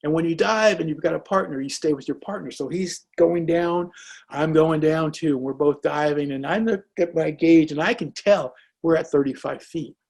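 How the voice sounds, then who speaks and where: A man giving a motivational business talk, telling a personal story with lively, acted-out asides. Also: a little high, moderate pace, gravelly, husky. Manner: animated, acts out quoted thoughts. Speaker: business speaker.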